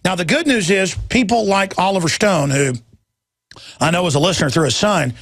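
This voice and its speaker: Middle-aged man, talk radio host, indignant and emphatic, high voice, dry studio sound. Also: fairly quick, fairly bright tone, dry recording. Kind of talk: heated broadcast monologue.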